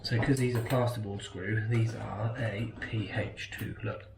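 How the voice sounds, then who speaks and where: A man's voice: on the low side, fairly even intonation, unhurried, creaky. A man working as an electrician, giving joking, instructive banter while on the job in a bathroom. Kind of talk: casual on-the-job chat. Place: bathroom being renovated. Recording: echoey room, distant mic, noisy.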